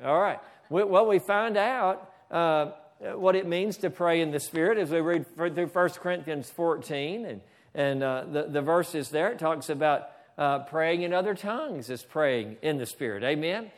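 Speaking at normal speed in a slightly high voice, a pastor delivers a sermon in church. He peppers it with "Amen?" and stops now and then to tell the slide operator what to show.

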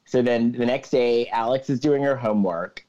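A man's voice: mid-range voice, moderate pace, muffled recording. A man co-hosting a podcast, casually recapping a movie plot and acting out the characters' lines. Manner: animated retelling with acted-out quotes. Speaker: podcast co-host.

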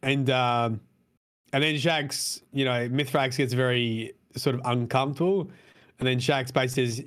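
A man talking casually as a podcast co-host. He rambles from point to point, drops swear words without a second thought and leans on plenty of fillers. His pitch sits in an ordinary middle range. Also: fairly even intonation, normal speed, fairly bright tone, clear, resonant tone. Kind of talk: casual chat.

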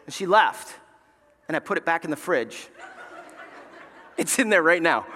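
A male pastor preaching a sermon, telling stories with animated, self-mocking humor. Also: fairly high pitch, measured pace, long pauses. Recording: reverberant hall.

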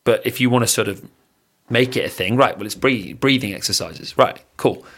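A man, co-hosting a casual surf podcast and guiding a breathing exercise, lively and laughing, swearing casually. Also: mid-range voice, a little fast. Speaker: podcast co-host. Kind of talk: casual chat with guided breathing.

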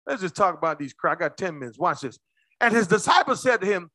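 A male pastor preaching a sermon with call-and-response, swinging between shouts and low asides. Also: expressive, quick pace, no room sound.

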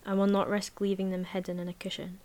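A woman reading a novel aloud in a measured, even voice, then chatting casually about the book. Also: mid-range voice. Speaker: book reviewer.

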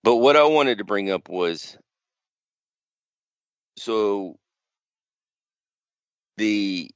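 Low guy rambling thru a story, acts out the quotes, dull dry lo-fi mic. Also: lively intonation, drawn-out words, clear, resonant tone, no room sound. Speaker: podcast co-host. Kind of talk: casual chat.

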